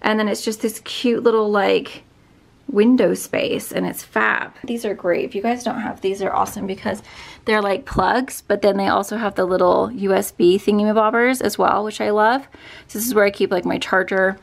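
Chatty woman with a gravelly edge. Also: medium pitch, steady tone, moderate pace. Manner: chatty, filler-heavy, upbeat. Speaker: beauty vlogger. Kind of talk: casual room tour. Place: her bedroom filming room.

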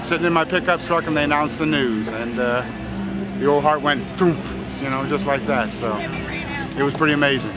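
A man being interviewed, recalling a memory quietly and plainly. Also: a little high, fairly quick, very noisy.

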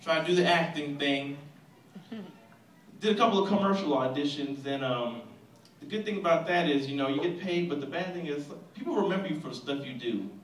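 A young man from Texas doing an animated stand-up comedy set, bursting loud when he acts out characters. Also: fairly high pitch, fairly quick. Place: comedy club stage. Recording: roomy club sound, mic at a distance, loud crowd.

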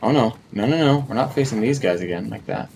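Chatty gravelly-voiced man streaming a game. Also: fairly low pitch, lively intonation, fast talker, darkish tone, a little hiss or hum. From North America. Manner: chatty, talks to himself and the creatures, repeats words. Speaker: gaming streamer. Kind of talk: casual live game commentary.

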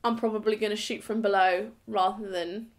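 A young English woman vlogs to a camera a few steps away, chatting animatedly and acting out the voices in her story. Her voice is mid-range and she talks briskly.

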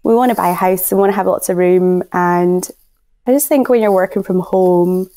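A woman's voice: on the low side, normal speed, mellow. A woman guest on a podcast, chatting in an upbeat, storytelling way over a remote call. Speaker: guest, wedding directory co-founder. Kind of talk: casual podcast chat.

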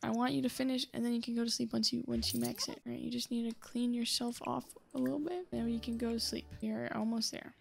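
Gravelly young woman chatting through a game. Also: fairly high pitch, fairly even intonation, quick pace, few pauses, a little mellow. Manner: chatty, talks to the game characters, scolds them. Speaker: gaming channel host. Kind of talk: casual gameplay commentary.

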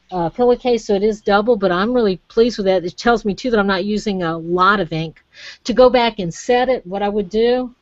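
A woman's voice: mid-range voice, darkish tone, dry recording, muffled recording. A woman giving a chatty, encouraging live craft demonstration and talking straight to her viewers.

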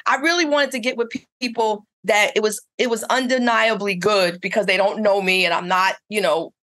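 A woman's voice: mid-range voice, steady tone, fairly quick, fairly bright tone. A middle-aged woman who owns a spa, telling her story in a casual interview with eager, rambling restarts. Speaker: spa owner and esthetician.

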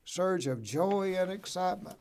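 A man with a slightly high voice hosts a motivational talk show. He reads passages and then preaches on them in an encouraging, folksy way, checking in with his listeners as he goes. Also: lively intonation, normal speed, a little mellow. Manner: preachy, encouraging, folksy asides like "right?" and "okay?". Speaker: host. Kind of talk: motivational talk show, reading from a book and commenting.

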